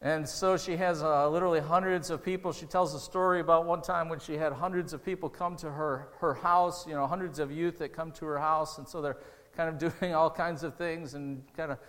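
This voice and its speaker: A man's voice: on the high side, steady tone, a little fast, a bit bright. Earnest preaching man in a hall. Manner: earnest, conversational preaching with restarts and rising emotional peaks. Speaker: pastor. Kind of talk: sermon.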